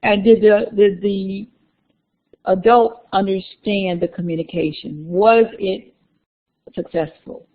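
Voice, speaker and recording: Slow-talking lady teacher lecturing a class, gravelly voice, tinny lo-fi recording. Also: medium pitch. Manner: unhurried, repeats key terms, chatty asides to students. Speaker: university lecturer.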